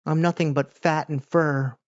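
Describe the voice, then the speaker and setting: A spoiled male house cat begs in a whiny, high voice with a strange, unplaceable accent, as a man puts him on. The sound is dry and a little dull. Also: steady tone, measured pace, no room sound, lightly acted. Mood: pleading. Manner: whiny, begging, oddly accented.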